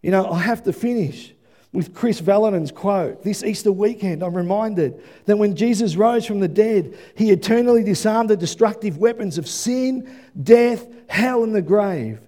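A male pastor preaching an animated sermon, rising to shouts at the peaks and dropping into quick asides. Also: high voice.

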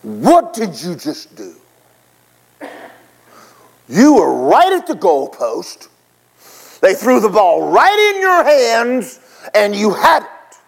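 A man's voice: on the high side, huge pitch swings, a little mellow, voice pushed up. A man doing a stern, barking football coach. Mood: scolding. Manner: scolding, drawn-out barking. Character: gruff, stern adult male football coach.

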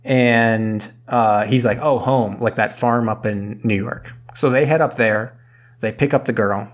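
A man's voice: mid-range voice, fairly even intonation, unhurried. Rambling man recapping a movie. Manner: rambling, laughs often, acts out characters' lines. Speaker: podcast co-host. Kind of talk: casual movie recap chat.

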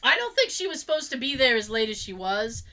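Her voice on the high side and her pace a little fast, a woman chats casually and tells work stories. She animatedly performs the things her coworkers said.

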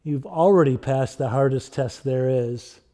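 A man's voice: medium pitch, a little slow, mellow, natural voice. A man voicing a grown daughter who tenderly reassures her grieving father as he tells a story in a sermon. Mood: tender reassurance. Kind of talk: read-aloud sermon storytelling.

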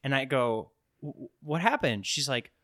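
Animated bright-voiced man telling stories. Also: moderate pace. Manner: animated storyteller, mimics voices with big pitch jumps. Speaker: friend telling a story. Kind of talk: casual chat.

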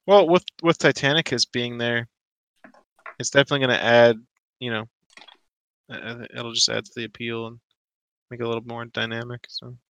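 A man's voice: mid-range voice, steady tone, normal speed, pauses often, fairly bright tone, clean tone, no room sound. A man making brief, laid-back remarks in a casual podcast chat. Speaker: podcast co-host.

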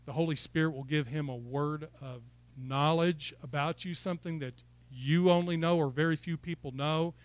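A man's voice: on the high side, fairly even intonation, normal speed. A man preaching a sermon in church, building to fired-up exhortation and asking the congregation questions. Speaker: pastor.

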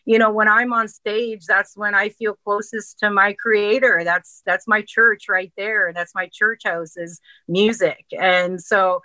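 A woman's voice: medium pitch, fairly even intonation, a little slow, few pauses, sharp tone, no echo, rough recording. A middle-aged woman, a singer guesting on a radio interview, talking in an earnest, rambling way with many restarts and fillers. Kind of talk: casual interview talk.

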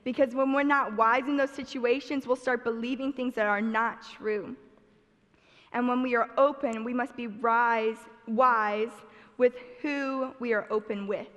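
High-voiced woman preaching in a hall. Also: fairly bright tone. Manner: earnest, conversational, storytelling. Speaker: speaker giving a sermon. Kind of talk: sermon. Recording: long hall reverb.

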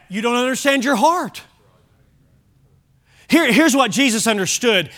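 A man preaching a sermon as pastor, driving points home with shouted emphasis and rhetorical questions. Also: extremely high pitch, animated, normal speed, long pauses.

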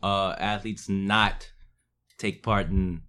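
A man's voice: sits low, fairly even intonation, slow, bright, forceful tone, clear, resonant tone. A man co-hosting a podcast, laid back and slangy, laughing often. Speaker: podcast co-host. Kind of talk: casual chat.

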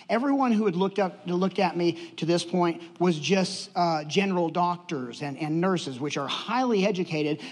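High-voiced man preaching in a reverberant hall. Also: husky. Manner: animated storytelling, acts out quotes. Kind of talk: sermon with personal story.

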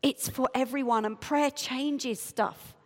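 A middle-aged Englishwoman preaches in a church, her fairly high voice carrying a long hall reverb. She tells her story with lively, self-mocking energy and acts out the conversations. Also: takes it slowly. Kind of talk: sermon with storytelling.

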